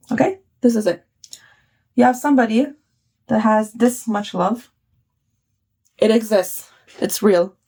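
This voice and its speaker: A woman with a somewhat high voice talks straight to her viewers in a casual motivational vlog. She is blunt, swears freely and keeps checking in with "okay?" as she explains. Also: dark tone. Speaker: self-help speaker.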